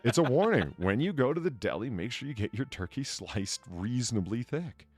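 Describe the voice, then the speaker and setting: A man's voice: medium pitch, sing-song, normal speed, husky, faint music behind. A man co-hosting a casual, crude comedy chat, sarcastically reading out news headlines. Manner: sarcastic, reads news headlines aloud mockingly. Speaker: podcast co-host.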